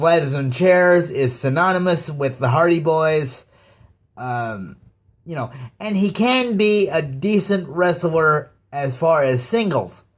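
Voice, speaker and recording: A man ranting casually to his viewers about wrestling, halting and stammering with many fillers. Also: fairly high pitch. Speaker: YouTube ranter. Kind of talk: casual rant to camera.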